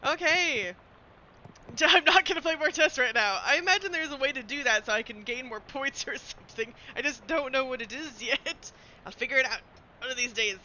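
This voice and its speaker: A woman streamer playing a game, reading the narration aloud and chatting with viewers, giggly and animated. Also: high-pitched, moderate pace, lo-fi sound, slight background noise.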